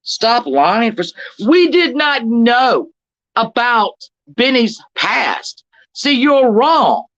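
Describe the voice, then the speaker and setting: A combative woman livestreamer tears into her critics with profanity and mockery, reading chat comments aloud and snapping back at each one. Her voice sits at a middling pitch and sounds dry and close. The recording is dull and slightly lo-fi. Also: big pitch swings, slow pace, fairly bright tone, no echo. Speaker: livestream host. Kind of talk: confrontational livestream rant.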